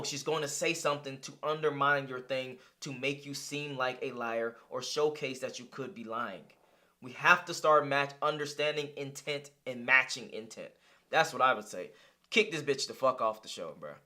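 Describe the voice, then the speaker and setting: A man's voice: medium pitch, moderate pace, sharp tone. A young man giving casual reaction commentary, blunt, profane and heated. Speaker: reaction streamer.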